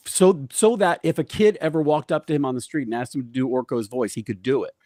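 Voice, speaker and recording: A man's voice: medium pitch, quick pace, mellow, dry recording. A man who is a writer and a podcast guest, speaking in casual chat with an earnest, appreciative manner.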